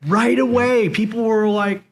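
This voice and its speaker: A man, a former SEAL leader and podcast guest, telling leadership stories in an animated way and acting out the dialogue. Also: high-pitched, a little slow, low-quality recording. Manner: animated storyteller who acts out quoted dialogue. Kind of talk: conversational interview storytelling. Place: conference venue.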